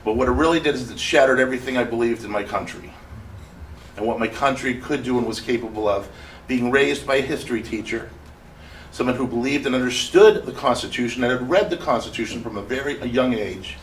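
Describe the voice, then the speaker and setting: A man's voice: mid-range voice, fairly quick, a bit bright. A man who survived the events, giving an impassioned, rambling personal testimony at a memorial gathering. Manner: impassioned, rambling storytelling with restarts. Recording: echoey room, speaker far from mic, faint noise.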